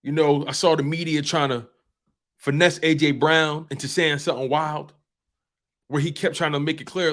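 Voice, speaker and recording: Man, sports talk host, passionate, emphatic, repeats himself, slightly higher voice. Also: fairly even intonation, moderate pace, a bit bright. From US East Coast. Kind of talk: fan sports talk show monologue.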